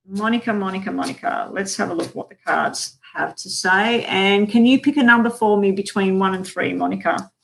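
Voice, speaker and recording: A woman's voice: mid-range voice, normal speed, gravelly, few pauses, a bit bright, slight background noise. Woman, tarot reader, live stream, chatty, lots of ums, talks to viewers by name. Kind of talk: live-streamed card reading.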